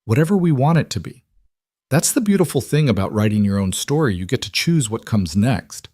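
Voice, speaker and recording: A gentle young woman, as a male narrator puts her on, speaks softly and reassuringly in a storybook reading. The voice stays a bit higher than his narration and dry and close. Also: big pitch swings, brisk, slightly rough, no room sound. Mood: tender.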